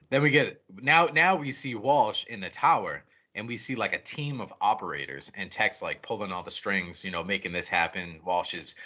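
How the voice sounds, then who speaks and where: Man, podcast co-host, casual and profane, bright voice, lively swooping pitch, dull lo-fi sound. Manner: excitable, profane plot retelling with quoted lines. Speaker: podcast co-host reviewing a horror movie. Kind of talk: casual chat.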